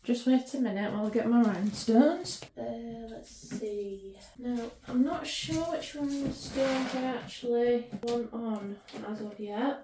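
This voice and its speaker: A woman's voice: fairly high pitch, a little mellow, reverberant, slight background noise. A woman hosting a casual crafting vlog, out of breath and chatting as she works in her home craft room. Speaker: resin crafter and channel host.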